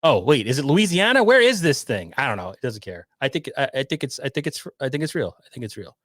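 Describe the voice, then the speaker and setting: A man's voice: mid-range voice, big pitch swings, fast talker, a bit bright, no echo, studio quality. A man hosting a podcast livestream, reacting to a news clip and rambling sarcastically. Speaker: podcast host. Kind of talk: casual livestream commentary.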